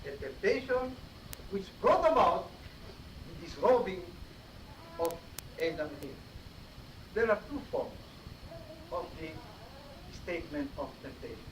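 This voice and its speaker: A man's voice: sits high, sing-song, unhurried, long pauses. Man preaching in a roomy mosque. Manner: teacherly, checks listeners with "huh?" and "okay?". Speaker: preacher giving a Friday sermon. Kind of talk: explanatory sermon. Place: mosque hall. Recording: roomy, distant 1980s cassette tape with faint hiss.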